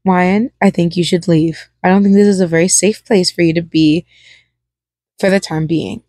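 A woman voicing a calm, courteous male psychiatrist with a soft, low, polite tone. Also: moderate pace, no room sound, studio quality, lightly acted.

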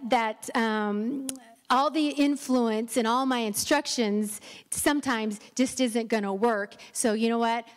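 A middle-aged woman giving an encouraging Mother's Day sermon from a church stage, often stumbling and restarting her sentences. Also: on the high side. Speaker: pastor's wife preaching. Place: church sanctuary. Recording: long church hall reverb.

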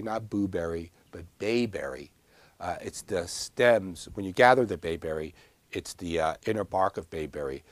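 A man's voice: lowish voice, no echo. A man from Long Island with a New York accent, teaching herbal first aid in a casual, digressive filmed lecture with self-deprecating asides. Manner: gestures a lot while talking.

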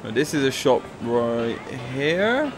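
A man's voice: medium pitch, big pitch swings, slow, noisy background. A man giving casual, profane and jokey commentary while playing a video game. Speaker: gameplay commentator. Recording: game music playing behind the voice.

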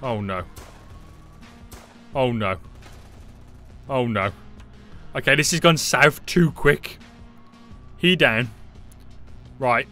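A man giving live gameplay commentary, panicky and excitable, often repeating short phrases. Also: mid-range voice, extremely slow, long pauses, soft background music. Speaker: gaming YouTuber.

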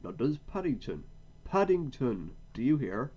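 A man voicing a stubborn, sharp-tongued male engine with a raised, indignant, insistent voice. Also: mid-range voice, sing-song, measured pace, slightly rough, muffled recording, voice pushed up.

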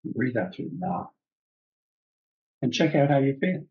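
A man leading a guided breathing class, giving calm, soothing instructions at an unhurried pace. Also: mid-range voice, breathy edge, lo-fi sound. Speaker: breathwork teacher.

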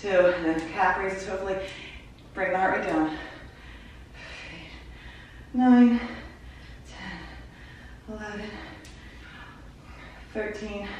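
Fitness instructor, woman, slow-paced rep counting, breathless, heard from across a very echoey room. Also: mid-range voice, a little mellow. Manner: counts reps aloud while exercising, short cues. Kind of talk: workout instruction. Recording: very echoey room, voice far from mic, faint noise.

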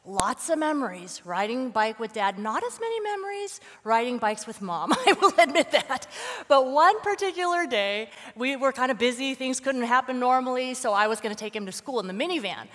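A woman in her forties, a guest speaker in a church sanctuary, gives a Mother's Day sermon talk full of warm, lively stories, acting out her son's shouts. Her voice sits high and her pace is moderate, with the long hall reverb of a church.

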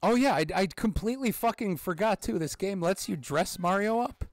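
A man in his thirties hosting a let's-play, excitable and rambling, swearing often and breaking into sudden yelps. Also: high-pitched, moderate pace, dry recording. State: out of breath. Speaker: gaming channel host.

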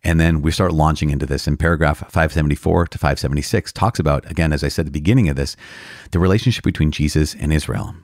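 Very deep-voiced male priest teaching casually. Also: fast talker, darkish tone, no echo, clean studio sound. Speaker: priest and podcast host. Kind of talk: casual teaching commentary on a text.

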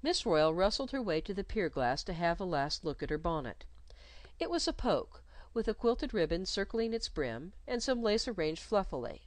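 Woman narrator for a read-aloud story, low-pitched with a lively lilt, close dry sound. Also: no echo. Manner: expressive, measured reading.

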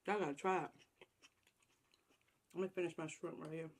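A woman's voice: low voice, fairly even intonation, normal speed, husky. A woman vlogger chatting casually to her viewers while eating a meal on camera, savoring each bite. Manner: chatty, talks while chewing, savoring food. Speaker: mukbang vlogger.

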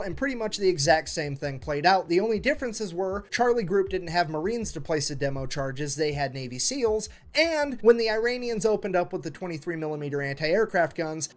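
A man telling military history as comedic storytelling, sarcastic and profane, acting out radio calls in quick voices. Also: fairly high pitch. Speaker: history commentator.

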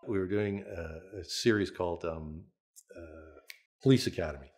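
An older man with a very low voice recalls his working life in a relaxed, storytelling way. He restarts his sentences often and chuckles as he talks, like someone being interviewed about a long career. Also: moderate pace. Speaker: veteran stunt performer and coordinator.

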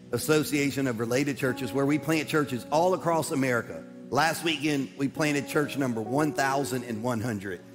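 A male pastor rousing his congregation in a big church, his voice ringing through a long reverb. Music plays clearly under his words. He speaks at an ordinary pitch with an upbeat, rallying drive. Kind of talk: sermon introduction. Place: large church auditorium. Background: music playing.

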